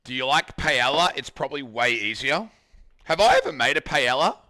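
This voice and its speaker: A man's voice: mid-range voice, expressive, normal speed, sharp tone. An Australian man streaming while cooking at home, bantering loosely with his chat and swearing casually. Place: home kitchen.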